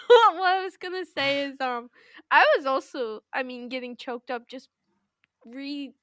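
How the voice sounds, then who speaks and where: Female podcast co-host, high bright voice, dry sound, emotional and halting. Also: no room sound. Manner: emotional, giggly, trailing off. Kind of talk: casual chat.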